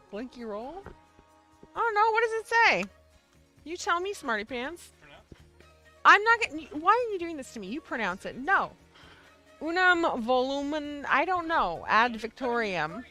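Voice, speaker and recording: Bubbly woman host, high bright voice with lots of swing, faint music underneath. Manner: bubbly, excitable, chatty with viewers. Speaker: livestream host of a yarn shop show. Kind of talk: casual livestream chat.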